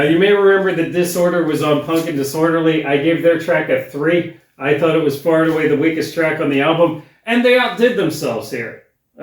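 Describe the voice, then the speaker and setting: A man's voice: on the high side, reverberant, low-quality recording. A middle-aged man hosting a casual spoken album review. He is wry and blunt, and often restarts his sentences. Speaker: record reviewer, channel host.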